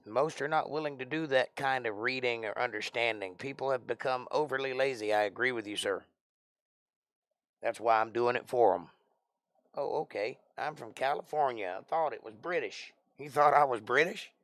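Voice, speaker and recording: A man's voice: mid-range voice, moderate pace, fairly bright tone, no room sound. A man with a Georgia Southern accent hosting a casual livestream, reading chat comments aloud and answering with wry, joking banter. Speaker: livestream host and Bible teacher.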